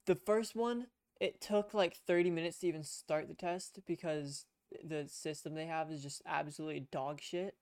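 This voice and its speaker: Smooth-voiced young man telling a long story. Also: fairly high pitch, no echo. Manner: rambling storytelling with swearing and restarts. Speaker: podcast co-host. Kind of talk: casual chat. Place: home room at a computer. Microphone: headset.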